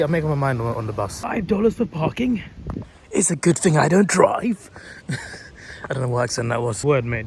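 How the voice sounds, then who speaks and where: Young male vlogger, twenties, casual and chatty, slightly hoarse, handheld phone outdoors with clear traffic noise. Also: mid-range voice. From England. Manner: chatty, laughs often, casual slang. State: losing his voice. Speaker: travel vlogger. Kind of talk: casual vlog chat.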